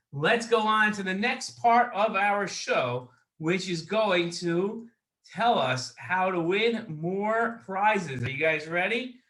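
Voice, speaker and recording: High, slow man hosting a kids' quiz. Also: pushed and bright, roomy sound, poor audio. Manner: drawn-out, deliberate, addresses viewers. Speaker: children's show host.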